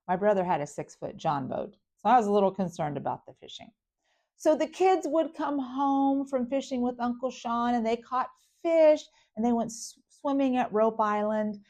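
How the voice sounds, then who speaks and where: Animated middle-aged woman telling a story. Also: on the low side, creaky. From Florida, US. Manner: animated, dramatic storytelling with character voices. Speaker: speaker. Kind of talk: personal storytelling talk.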